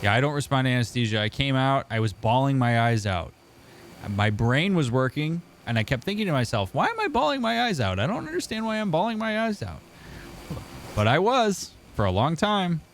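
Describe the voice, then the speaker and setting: A man's voice: medium pitch, a little hiss or hum. A young man, a therapist streaming a game, chatting casually and answering viewers by name. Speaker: therapist streamer reading chat. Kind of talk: casual gaming stream chat.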